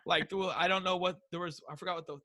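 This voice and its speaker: Animated American man telling stories. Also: high voice, quick pace, no room sound. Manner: animated storyteller, acts out kids chanting. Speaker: high school teacher and guest. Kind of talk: casual interview storytelling. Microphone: wearing a mic.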